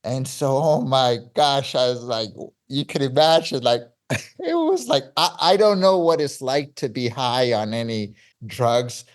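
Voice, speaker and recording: A man, telling a story as an interview guest with excited, stop-start energy. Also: medium pitch, unhurried. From Cyprus. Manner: animated, excitable, with frequent restarts and laughs.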